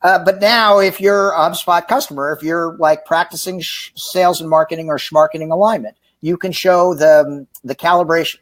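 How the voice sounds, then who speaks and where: A man telling a lively, joking story in a livestream interview, acting out the people he quotes. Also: fairly high pitch, normal speed, few pauses. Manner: animated, acts out quoted dialogue, jokey. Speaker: author and sales executive. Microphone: remote livestream call.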